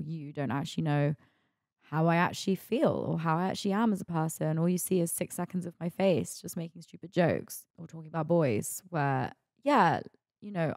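A woman's voice: fairly low pitch, a little mellow, no echo, studio quality. A woman, hosting a podcast in a candid, chatty monologue full of "like" and "you know". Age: 20s. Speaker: podcast host.

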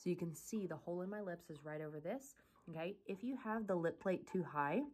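A woman band teacher talks students through a lesson in a low, unhurried voice, checking in with them after each step. She is recorded on a camera mic in a school room, with faint hiss and another class playing somewhere behind her. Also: darkish tone. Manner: patient, step-by-step, checks in with "okay?". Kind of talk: instructional video lesson. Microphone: camera mic, leans closer at times.

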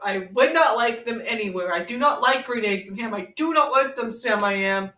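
A woman's voice: on the high side, normal speed, noisy background, natural voice. A woman playing a brash, pun-loving young woman brawler in a comedic fan parody, teasing and impatient, reading a picture book aloud in a sing-song voice. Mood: playful. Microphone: camera mic set far away. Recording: roomy room, mic far away.

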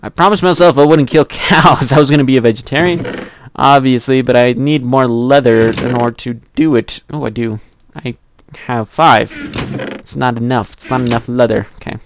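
A young man casually commenting on his own gameplay, chatty and giggly, rambling to himself and squealing high at cute animals. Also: fairly even intonation, moderate pace, slight background noise.

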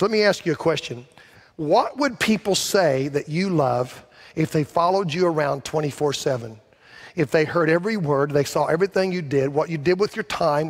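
A pastor preaching a sermon, talking to the congregation in a conversational way, with rhetorical questions and emphatic peaks. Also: male voice, fairly high pitch. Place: large church sanctuary. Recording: long hall reverb.

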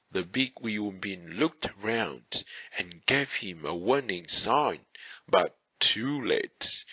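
A man reading folk tales aloud as an audiobook narrator, in slow, measured storybook narration. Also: lowish voice, vocal fry, pushed and bright, husky, no echo. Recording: dull lo-fi audiobook recording.

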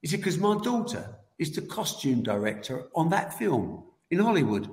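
An older man in his seventies tells animated stories, his voice sitting a bit high and leaping up and down. Laughter keeps slipping into his telling. The room around him sounds roomy and echoey. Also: normal speed. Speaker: guest. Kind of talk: anecdotal storytelling.

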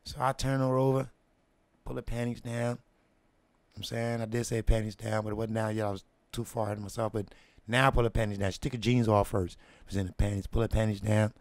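A man hosting his own show, telling a long story in casual, slang-heavy talk, often dropping to hushed asides and asking if you follow him. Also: fairly low pitch, flat delivery, fast talker, no room sound. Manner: drops to hushed asides, asks "you know what I mean?".

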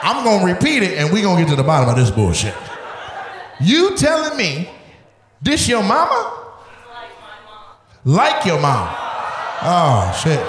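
A man doing stand-up crowd work on a club stage, loudly teasing audience members in a lively comic riff. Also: sits high, unhurried, pauses often, noisy background. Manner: loud, teasing, animated riffing with audience members. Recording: roomy live club with crowd laughter. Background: loud laughing crowd.

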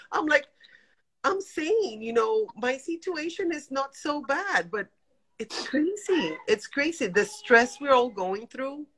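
A woman in her forties, calling into a live video chat, emotional and animated as she vents and laughs. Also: on the high side. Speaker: guest caller on a live stream.

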